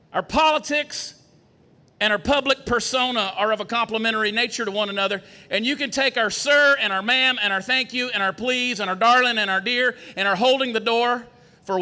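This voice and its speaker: A man's voice: extremely high pitch, pushed and bright. A man, running for office, giving an emphatic, rousing campaign speech that repeats phrases for effect, at a brewery meeting. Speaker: political candidate. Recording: echoey hall.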